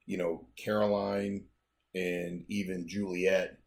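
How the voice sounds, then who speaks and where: An American man co-hosting a casual podcast, enthusiastic and quick to poke fun at himself. His voice sits very low, and he laughs often between thoughts. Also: level tone, gravelly. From United States. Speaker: podcast co-host.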